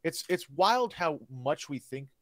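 A man's voice: fairly high pitch, expressive, measured pace, dry recording, clean studio sound. A man hosting a podcast, chatting in a laid-back, slangy and candid way. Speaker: podcast host. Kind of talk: casual conversation.

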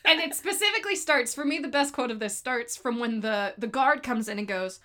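A woman co-hosting a casual chat, animated and often laughing as she talks. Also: a little high, a little fast, hardly any pauses. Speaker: podcast co-host. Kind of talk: casual chat reviewing favorite movie quotes.

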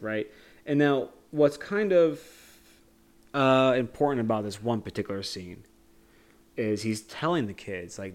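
A man's voice: lowish voice, normal speed, a little mellow. A young man co-hosting a podcast, recapping a movie in a rambling, joking way with frequent laughs. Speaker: podcast co-host. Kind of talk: casual movie discussion.

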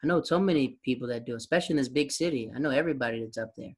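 A man's voice: medium pitch, racing, breathy edge. A man hosting a podcast, chatting casually and asking teasing questions. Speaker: podcast host. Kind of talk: casual interview chat.

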